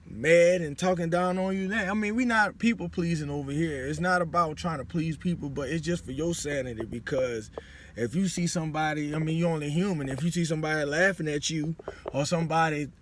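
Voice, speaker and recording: A man's voice: fairly high pitch, a little fast, slight background noise. A man in his forties with a New Orleans accent, giving casual life advice to a phone camera in a loose, conversational way. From New Orleans, Louisiana. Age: 40s. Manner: loose and conversational, with frequent "you know what I'm saying". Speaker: vlogger.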